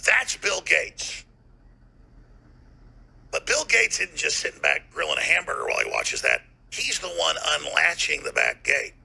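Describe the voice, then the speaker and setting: A raspy, heavily gravelly man rants on his talk radio show, his voice tense and forceful. He swings wildly between low growls and high bursts, often breaking into shouts. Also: huge pitch swings, measured pace. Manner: fiery, ranting, bursts of shouting. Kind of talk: heated talk radio monologue.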